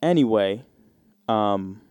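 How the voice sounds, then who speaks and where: Mellow, laid-back man rambling on a podcast. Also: lowish voice, lively intonation, slow pace, clean tone, no echo. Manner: rambling, profane, laid-back, full of slang. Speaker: podcast host. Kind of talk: casual solo podcast monologue.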